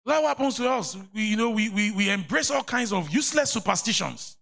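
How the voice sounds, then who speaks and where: A man with a Nigerian accent, a pastor preaching a sermon in a church, animated and mocking at times. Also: high voice, brisk. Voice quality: gravelly.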